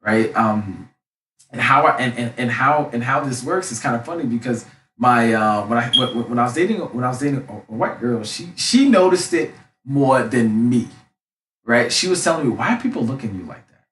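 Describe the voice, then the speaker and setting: A young man who coaches, talking loudly and passionately in a casual monologue, often tagging his sentences with a question. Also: mid-range voice, moderate pace. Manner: loud and passionate; frequent tag questions. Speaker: life coach. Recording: roomy, mic at a distance.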